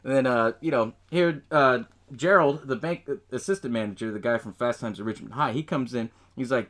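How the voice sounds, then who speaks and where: A man's voice: mid-range voice, big pitch swings, fairly quick, fairly bright tone. A young man hosting a podcast, casually recapping a film, swearing often, laughing and quoting characters' lines. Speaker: podcast host.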